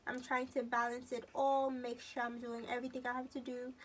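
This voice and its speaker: A woman's voice: fairly high pitch, little pitch movement, brisk, a little hiss or hum. A teenage girl talking through a makeup tutorial in a chatty, casual way, narrating each step as she goes. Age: teens. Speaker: beauty vlogger.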